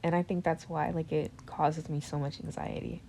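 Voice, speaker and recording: Gravelly low-voiced young woman rambling. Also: level tone, normal speed, warm tone, a little hiss or hum. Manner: rambling, filler-heavy slang with swearing; nervous. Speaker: student vlogger. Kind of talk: casual confessional chat.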